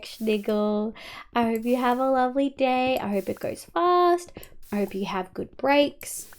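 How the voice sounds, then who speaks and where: A woman's voice: fairly high pitch, lively intonation, unhurried, smooth. An Australian woman streaming a game live, talking casually and swearing often as she chats with viewers over a headset.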